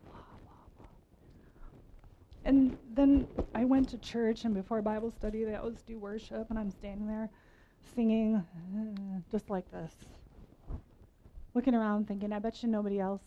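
A woman's voice: medium pitch, lo-fi sound, a little hiss or hum. A woman in her forties giving a conversational sermon to a women's gathering, candid and self-mocking, laughing between lines. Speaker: women's event speaker.

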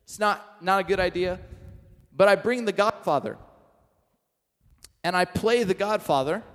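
At a measured pace, a middle-aged pastor with a strikingly high voice preaches, leading listeners through a story with lively energy. Self-mocking asides keep cropping up, and a long reverb from the big hall's walls follows his words.

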